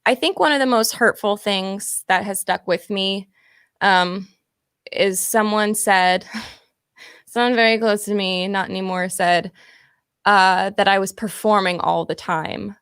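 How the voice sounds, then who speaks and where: A woman in casual chat on a call-in show, talking candidly and quickly, laughing at herself and full of fillers. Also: medium pitch, fairly bright tone, clear, resonant tone, no room sound, studio quality.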